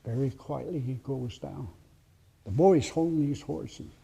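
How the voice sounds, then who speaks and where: A man telling a story live at a heritage center presentation, with dramatic pauses and drops to a whisper for suspense. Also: mid-range voice, vocal fry, mellow, slightly rough.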